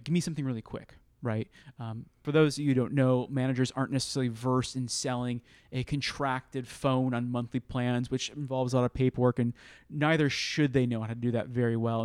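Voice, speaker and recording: A man's voice: mid-range voice, clean tone, dry recording, studio quality. A man telling a work story in a casual podcast chat and acting out the dialogue as he goes. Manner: animated storyteller who acts out quoted dialogue. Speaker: podcast co-host.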